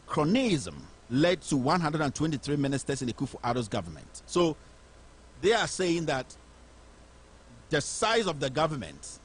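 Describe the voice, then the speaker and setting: A man's voice: mid-range voice, husky. A man with a Ghanaian English accent giving impassioned, indignant political commentary as a show host. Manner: indignant, rhetorical, fiery.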